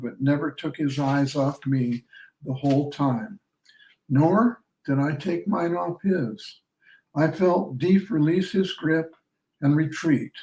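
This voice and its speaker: A male author reads his own novel aloud in a slow, measured way. His voice sits a bit high. The room echoes and the mic is well away from him. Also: darkish tone. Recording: roomy sound from a distant mic.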